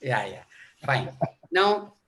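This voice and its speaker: A middle-aged man lectures on children's coughs in an online medical workshop, demonstrating the coughs and using many fillers. His medium-pitched, slightly bright voice swings widely in pitch, and he speaks very slowly.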